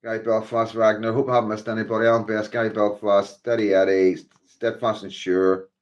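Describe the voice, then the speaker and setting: This livestream host, a Northern Irish man, talks to his viewers and calls them by name in a loose, meandering way full of "you know" and "like." His voice is lowish and level, his pace moderate. The recording has a lo-fi quality.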